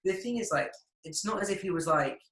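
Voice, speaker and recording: A man's voice: high voice, lively intonation, brisk, fairly bright tone. Worked-up man, echoey room. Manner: heated, swears a lot, restarts sentences. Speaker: podcast co-host. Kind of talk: casual chat.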